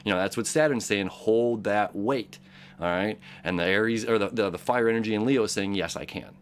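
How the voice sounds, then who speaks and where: A man with a somewhat low voice talks through a casual daily horoscope monologue. He rambles, stumbles and restarts his sentences, and repeats words as he gathers his thoughts. His tone stays earnest and encouraging throughout. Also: fairly quick, a little hiss or hum. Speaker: astrology show host.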